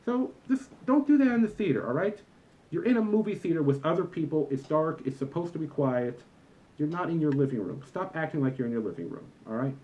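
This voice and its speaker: A young man rants to camera in a comedic vlog, exasperated and lecturing as he stresses every complaint. His voice sits a little high and swings widely in pitch. The sound is dull and lo-fi. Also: big pitch swings, brisk. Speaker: vlogger, former movie theater employee.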